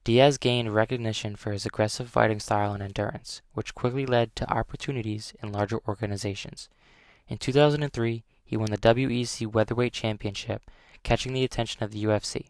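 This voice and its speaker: A man narrating a documentary script in an even, measured way. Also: on the low side, no echo.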